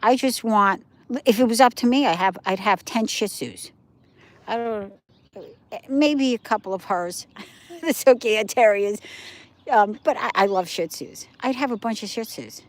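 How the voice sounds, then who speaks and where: An older woman talks casually on a livestream, wandering from topic to topic as she replies to viewers' comments. She talks outdoors in a relaxed, conversational way, with a mid-range pitch. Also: a little slow. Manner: rambling, chatty, answering viewer comments. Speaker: livestream host. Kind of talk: casual live-stream chat.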